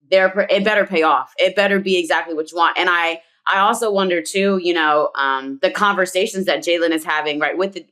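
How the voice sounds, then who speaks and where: Woman analyst, Philly accent, bright and forceful voice, chatty. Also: lowish voice. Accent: Philadelphia. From Philadelphia. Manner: chatty, filler-heavy, laughs easily. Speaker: basketball analyst. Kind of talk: casual sports talk.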